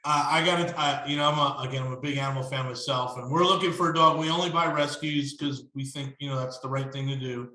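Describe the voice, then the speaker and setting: A man's voice: mid-range voice, fairly even intonation, fast, hardly any pauses, bright, forceful tone. Rambling male host in a roomy echo. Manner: rambling, full of restarts and fillers. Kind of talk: casual interview chat.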